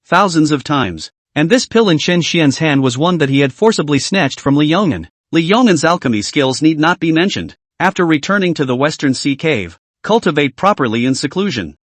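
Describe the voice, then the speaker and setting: A man's voice: fairly high pitch, expressive, moderate pace, few pauses, no room sound. A man giving a scripted, storytelling narration of a fantasy novel.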